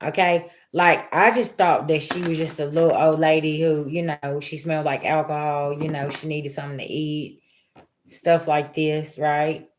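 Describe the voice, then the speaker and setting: A woman's voice: deep voice, little pitch movement, moderate pace, slight background noise. A woman hosting a tarot reading livestream, chatting casually with her viewers and telling a story in a loose, colloquial way. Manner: chatty storyteller, talks back to chat, colloquial. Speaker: tarot reader livestream host.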